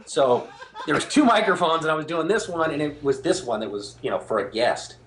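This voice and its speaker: A man being interviewed as a guest, telling stories in an animated way and acting out the voices of people he quotes. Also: fairly high pitch, fairly quick, a little hiss or hum. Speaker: guest, game show host. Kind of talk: phone interview, storytelling.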